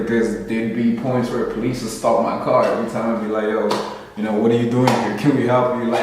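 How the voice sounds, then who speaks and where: A young man shares a personal story in a relaxed, reflective way, leaning on "you know" and "like". He is picked up from a distance in a strongly echoing room, with faint noise behind. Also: medium pitch. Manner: casual, reflective, many fillers like "you know". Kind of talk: personal storytelling in a group discussion. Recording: echoey room, mic far off.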